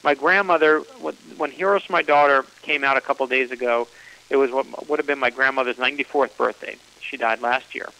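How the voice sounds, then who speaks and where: A man's voice: medium pitch, fairly even intonation, a little fast, creaky, sharp tone, poor audio. A middle-aged man, an author guest on a radio interview, telling stories earnestly with frequent restarts. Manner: earnest storytelling, many restarts.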